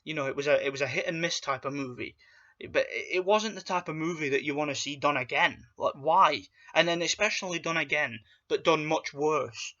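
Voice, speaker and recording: Blunt, profane man with a bright voice. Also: fairly high pitch, brisk, highs cut off. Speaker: movie reviewer. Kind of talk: casual ranting film review.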